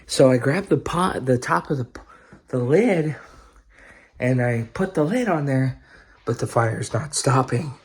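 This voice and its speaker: A male vlogger with a mid-range, animated voice tells a story casually to camera at a measured pace. He rambles and swears often, filling his talk with "you know" and tag questions like "right?"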